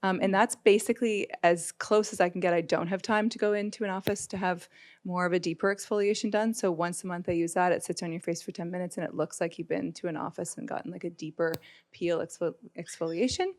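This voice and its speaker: A woman's voice: on the low side, steady tone, fast talker, darkish tone. A woman in her late forties, a guest on a live podcast panel, chatting eagerly through her favorite products in front of an audience. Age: 40s. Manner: chatty, enthusiastic product rundown. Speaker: jewelry brand founder, guest. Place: busy pop-up shop before a live audience.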